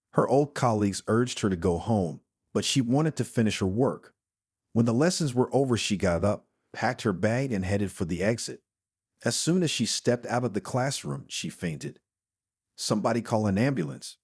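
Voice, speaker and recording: A man's voice: on the low side, darkish tone, slightly rough, no echo, clean studio sound. A man narrating a family story and reading all the characters' lines in much the same voice. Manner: reads every character in one lightly varied voice.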